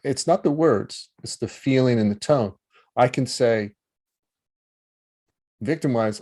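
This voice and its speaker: Relaxed man teaching, mellow tone. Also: medium pitch, slow, long pauses. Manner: acts out inner voices with changing tones; relaxed, conversational, checks in with the listener. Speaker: meditation teacher. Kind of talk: talk on healing.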